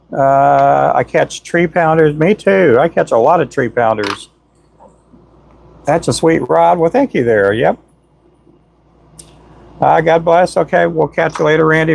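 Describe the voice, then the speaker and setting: Gravelly guy on a livestream, chatting with chat while tying knots, keeps saying boom. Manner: talks while working with hands, says "boom" often. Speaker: livestream host teaching jig tying. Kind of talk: casual live-stream chat and tying demonstration.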